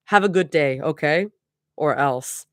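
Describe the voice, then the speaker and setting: A woman reading aloud, voicing a gruff, deadpan young woman in a lowered voice. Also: unhurried, no room sound, clean studio sound.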